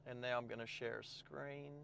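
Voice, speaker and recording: A man's voice: medium pitch, fairly even intonation, normal speed, gravelly, a bit bright, slight background noise. An Australian man hosting a casual live stream from his car, chatting and thinking aloud as he sets things up. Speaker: host.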